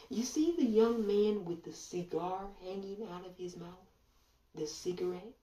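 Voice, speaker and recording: Dark-voiced woman, sarcastic rhetorical monologue. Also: mid-range voice, far from the mic. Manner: sarcastic, rhetorical questions, drawn-out pauses. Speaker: online commentator. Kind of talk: monologue commentary. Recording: roomy echo, voice away from mic.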